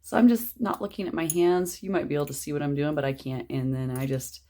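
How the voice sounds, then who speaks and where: A woman's voice: low-pitched, fairly even intonation, fast, dark tone. A woman giving a casual, chatty tarot reading, rambling as she lays out cards. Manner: chatty, rambling, drops to a whisper at times. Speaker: tarot reader.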